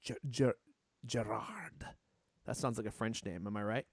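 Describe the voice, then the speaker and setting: Joking his way through a relaxed live-streamed tech podcast, this host reads out comments from viewers. His voice is fairly low and quick, and the recording is dry.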